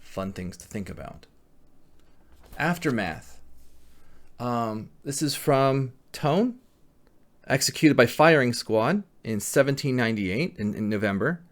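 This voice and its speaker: Halting male history lecturer. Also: mid-range voice, lively intonation. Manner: halting, frequent restarts and self-corrections. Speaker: history teacher.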